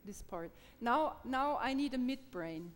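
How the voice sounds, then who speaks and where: Halting high-voiced woman teacher in a hall. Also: lively intonation. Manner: halting, repeats words, laughs often, encouraging. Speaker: Feldenkrais trainer. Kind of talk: live workshop teaching through an interpreter. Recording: reverberant hall.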